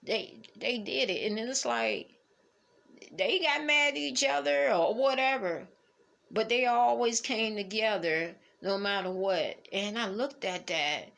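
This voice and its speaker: A middle-aged woman talks slowly in a personal vlog, her voice gravelly and full of fry. She speaks haltingly and emotionally, restarting her words as she fights back tears. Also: mid-range voice, animated, fairly bright tone. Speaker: vlogger. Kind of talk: personal reflection to camera.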